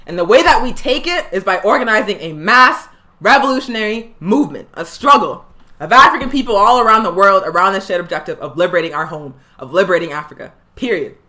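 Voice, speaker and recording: A woman hosting a live political education show, speaking with fiery emphasis and slowing down to hammer home her points. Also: a little high, bright, forceful tone. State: tired. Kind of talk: impassioned political commentary. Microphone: livestream.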